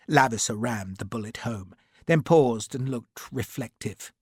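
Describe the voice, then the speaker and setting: A man's voice: medium pitch, measured pace, slightly rough, no echo, studio quality. A man reading a historical adventure novel aloud as an audiobook, with vivid, dramatic storytelling. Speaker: audiobook narrator. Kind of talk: scripted narration.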